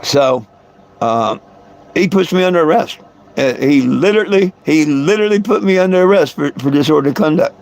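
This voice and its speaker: A man's voice: fairly high pitch, lively intonation, normal speed, creaky, darkish tone. A man hosting a live stream, telling a long story in a rambling way and repeating his words. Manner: rambling, repeats words, chuckles between lines. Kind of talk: casual storytelling to viewers.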